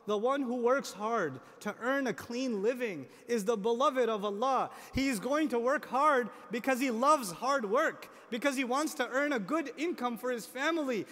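A man's voice: very high voice, expressive, normal speed, hardly any pauses, fairly bright tone. A man preaching a sermon to an audience, emphatic, repeating key phrases, asking rhetorical questions and making joking asides. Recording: long hall reverb.

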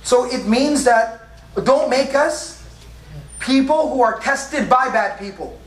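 A man's voice: extremely high pitch, takes it slowly. A man preaching a sermon, emphatic and full of rhetorical questions and repetition. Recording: echoey room from a distance.

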